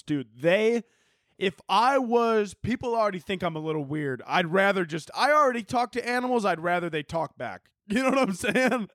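A man's voice: a little high, no room sound, studio quality. A young man hosting a podcast, rambling through casual, profane, jokey chat and laughing often. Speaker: podcast host.

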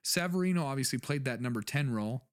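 A man's voice: mid-range voice, lively intonation, fast, noisy background. A man hosts a soccer podcast with a medium voice. His casual chat rambles from point to point. He jokes and laughs a lot. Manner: joking, laughs often, rambling. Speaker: podcast host.

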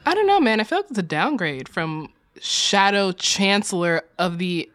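A young woman co-hosting a casual podcast, giggly and animated, swearing casually. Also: medium pitch, moderate pace. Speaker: podcast co-host.

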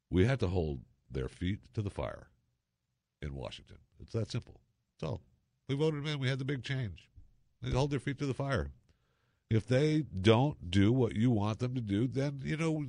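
A man's voice: mid-range voice, a little mellow, dry recording, studio quality. A man hosting a casual talk monologue, chatty and sarcastic, full of exclamations and asides. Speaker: talk show host.

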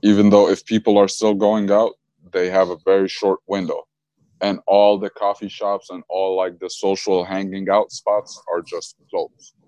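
A young man from Egypt chatting casually on a video call, relaxed and slangy, laughing often. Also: sits low, moderate pace, no echo. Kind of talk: casual chat.

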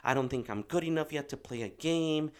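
A man's voice: on the high side, brisk, clean tone, pitched above the performer's own voice, lightly acted. A man voicing his nine-year-old daughter, a nervous and eager girl who talks in a pleading, childlike way. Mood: anxious.

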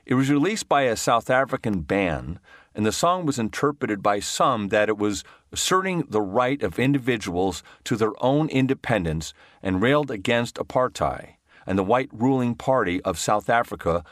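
Lively low-voiced male show host. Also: normal speed, no echo, studio quality. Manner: conversational, storytelling delivery. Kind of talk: introducing a song on air.

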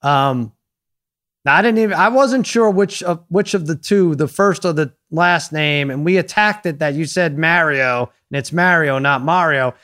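Host, male, teasing and amused, slightly high voice. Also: measured pace, fairly bright tone. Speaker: podcast host. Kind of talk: casual chat.

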